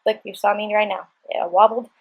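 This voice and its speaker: Breathy upbeat woman coaching a workout. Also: medium pitch, steady tone, brisk, lo-fi sound. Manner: upbeat, chatty, encouraging. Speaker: fitness instructor. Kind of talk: workout instruction voice-over.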